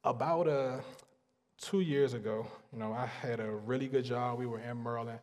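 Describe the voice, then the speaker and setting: A man preaching a sermon, earnest and emphatic, pausing and repeating phrases to drive points home. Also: medium pitch, darkish tone. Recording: long hall reverb.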